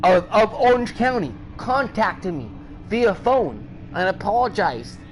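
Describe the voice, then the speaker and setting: A very animated man with a high voice takes his time telling a long, cuss-laden story in casual slang while streaming a game. He repeats himself and works up steam along the way, all on poor audio.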